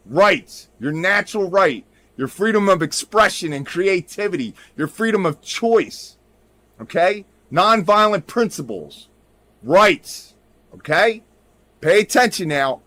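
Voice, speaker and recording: A man in a rambling livestream monologue, swinging his pitch up and down as he talks. His voice sits a little high for a man. He keeps punching lines with "right?" and sometimes drops to a mutter, with keyboard typing behind him. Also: lively intonation, slow, a bit bright, no echo. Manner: repeats "right?" constantly, emphatic, drifts into mutters. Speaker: livestream host.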